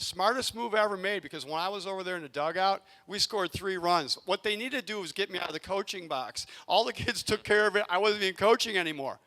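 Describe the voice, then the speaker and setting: A man who coaches youth sports, telling a coaching story to a community audience and acting out his own yelling from the sidelines. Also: high voice, fast talker, few pauses. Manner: animated, acts out yelling in his stories. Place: arena event space.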